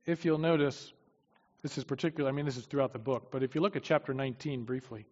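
A man preaching a sermon with emphasis, swinging from loud declarations to quiet asides. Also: medium pitch, steady tone, fast. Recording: dull, long-reverb hall sound.

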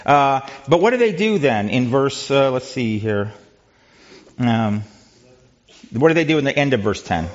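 A man's voice: mid-range voice, lively intonation, a little slow, long pauses. Male Bible study leader, chatty teaching manner, asks questions, repeats words; slightly muffled recording.

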